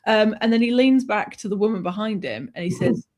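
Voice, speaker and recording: A woman guest recounts a personal story in an animated, chatty way. She laughs easily and swears freely. Her voice sits at an ordinary middle pitch. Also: normal speed, few pauses. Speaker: author guest. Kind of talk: conversational storytelling.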